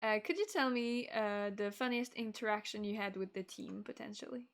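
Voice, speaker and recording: A woman's voice: mid-range voice, moderate pace. A woman VTuber hosting a casual stream, bubbly and scattered, laughing often while fiddling with her stream setup.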